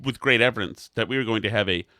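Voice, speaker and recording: Casting: male podcast co-host, bright tone, dry close studio mic, rambling comic storyteller. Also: fairly low pitch, fast talker, dry recording. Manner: rambling, self-mocking anecdotes. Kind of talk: comedic storytelling chat.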